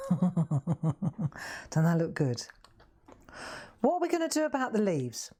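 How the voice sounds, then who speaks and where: A woman's voice: fairly low pitch, sing-song, takes it slowly, mellow. A middle-aged woman with a Southern English accent, hosting a live craft demonstration in a chatty, self-mocking way and laughing often. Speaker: craft show host. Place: craft room.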